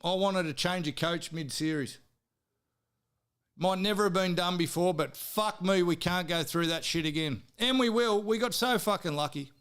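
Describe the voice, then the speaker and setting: High, ranting Australian man. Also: moderate pace, clean tone. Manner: heated, swearing, sometimes shouting. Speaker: podcast host. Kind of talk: profane sports rant.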